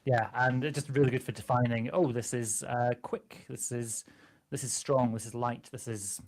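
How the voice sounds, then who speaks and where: Lively man, laughing. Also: medium pitch, moderate pace. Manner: animated, laughs often, slips into character voices. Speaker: guest game master. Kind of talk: casual chat about voice acting.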